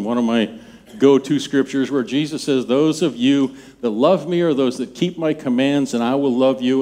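A man in his seventies, a pastor preaching a sermon in a church, talking in a conversational, halting way with many restarts. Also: mid-range voice, darkish tone. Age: 70s. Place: church sanctuary.

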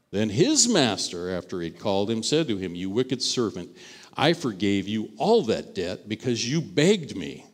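A man's voice: medium pitch, long reverb tail. A man preaching a sermon as pastor of a church, reading scripture aloud and retelling a story in a conversational way, often repeating words and acting out the voices of the people in it.

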